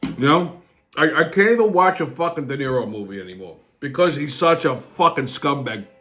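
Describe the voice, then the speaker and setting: A middle-aged man hosting a weekly wrap-up show, ranting crudely and angrily, often breaking into shouts, then reading sports listings in a casual way. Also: medium pitch, expressive, moderate pace, soft background music. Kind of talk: profane rant and casual show segments.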